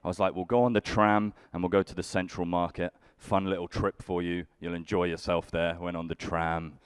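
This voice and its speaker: A young British man doing a stand-up comedy set on a conference stage, with a dry, self-deprecating, deadpan delivery. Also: low voice, a little fast, clear, resonant tone, no room sound. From United Kingdom. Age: young adult. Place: conference stage before a live audience.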